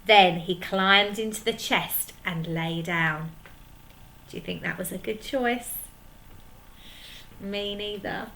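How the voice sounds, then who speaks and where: A woman's voice: medium pitch, takes it slowly, vocal fry, long pauses, a bit bright, slight background noise, rough recording. A woman teacher reading a picture book aloud to young children, stopping to ask them questions. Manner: asks the listening children questions. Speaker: primary school teacher.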